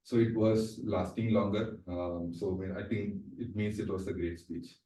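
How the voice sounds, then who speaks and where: Man, low mellow voice, hesitant evaluator, echoey room from a distant mic. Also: steady tone, normal speed, a little hiss or hum. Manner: hesitant, many fillers. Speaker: speech evaluator. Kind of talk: club speech evaluation.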